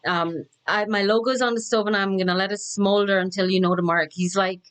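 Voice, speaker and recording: A woman's voice: mid-range voice, fairly quick, few pauses, clear, resonant tone. A woman hosting a music reaction video, chatting casually, giggling and paraphrasing the lyrics with restarts. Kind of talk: casual commentary.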